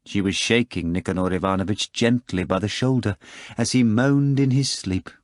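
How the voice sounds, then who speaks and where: Brief: male audiobook narrator, lowish pitch, dry studio read, measured. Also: no echo. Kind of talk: scripted narration.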